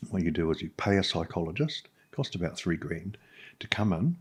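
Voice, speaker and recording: A middle-aged New Zealand podcast guest tells his own story in an animated, low, husky voice. He's candid but hesitant, restarting often and filling gaps with "um."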